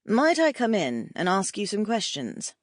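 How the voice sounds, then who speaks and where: A woman voicing a polished young British gentleman with a cultured, measured manner. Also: mid-range voice, huge pitch swings, no room sound, clean studio sound. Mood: cool.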